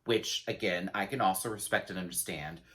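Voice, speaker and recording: A man giving a casual, sassy review of a show, acting out quotes in dramatic voices and laughing often. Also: fairly quick. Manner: sassy, animated, acts out quotes with big pitch jumps.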